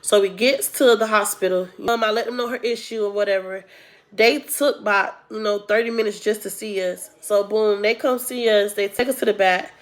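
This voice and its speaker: A woman's voice: mid-range voice, fairly even intonation, moderate pace. Chatty young woman telling a story. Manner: chatty, addresses viewers as y'all, acts out quotes. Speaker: storytime vlogger. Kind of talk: casual storytelling to camera.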